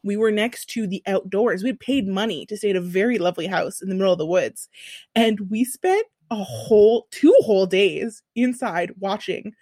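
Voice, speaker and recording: Animated young woman telling a story. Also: medium pitch, normal speed, no room sound, studio quality. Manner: animated, profane storytelling with asides. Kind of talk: casual chat.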